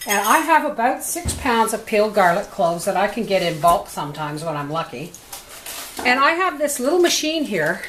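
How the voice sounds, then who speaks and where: A woman's voice: fairly high pitch, fairly bright tone, slight background noise. A woman hosting a homestead cooking video, chatting in a folksy way as she walks through each kitchen step. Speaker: homestead vlogger demonstrating food preservation. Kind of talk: casual kitchen demonstration.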